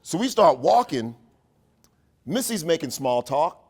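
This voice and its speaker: Male educator running a workshop, animated comic storyteller, voice sitting a bit high. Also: a little slow, husky. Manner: playful, animated, joking with the crowd. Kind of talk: storytelling talk to an audience.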